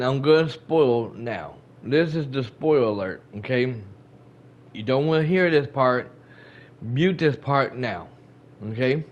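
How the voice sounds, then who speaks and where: A man hosting a gaming channel, casually recapping a game. He rambles, repeats himself, talks straight to his viewers and retells scenes with quoted dialogue. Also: mid-range voice. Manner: colloquial and chatty, addressing viewers directly.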